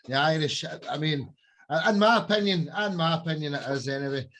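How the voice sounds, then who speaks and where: A man's voice: a little high, fairly quick, a bit bright, a little hiss or hum. A man hosting a music podcast, chatty and effusive as he introduces guests. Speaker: podcast host. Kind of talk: casual podcast chat.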